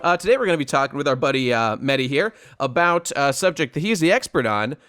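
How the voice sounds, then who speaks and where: A man hosting a casual podcast chat, quick and jokey with a mock-snobbish edge. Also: medium pitch, expressive, a bit bright, clear, resonant tone, dry recording, soft background music. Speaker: host.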